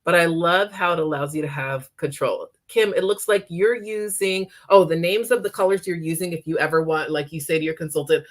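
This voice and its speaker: A woman's voice: lowish voice, steady tone, fairly quick, few pauses. A woman demonstrating makeup in a live tutorial, talking chattily and often checking in with her viewers. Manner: chatty, checks in with frequent "okay?".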